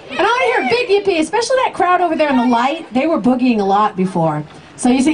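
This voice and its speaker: A woman's voice: high-pitched, lively intonation, brisk, heavy background noise. An American woman on stage with a microphone, playfully leading a crowd through a call-and-response song at a live concert. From United States. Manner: playful and teasing, coaxing the crowd. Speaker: children's singer performing live. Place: outdoor Christmas lights event, crowd. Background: backing music and crowd.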